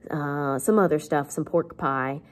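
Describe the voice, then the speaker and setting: A woman's voice: low-pitched, a little slow. A woman English teacher explaining a novel in a chatty, wry, conversational way.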